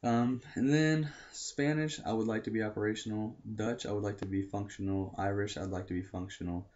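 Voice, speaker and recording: A man's voice: lowish voice, steady tone, fairly quick, a little mellow, lo-fi sound. A young American man talking casually to camera about learning languages, rambling and often correcting himself. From United States. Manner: rambling, self-correcting, many fillers.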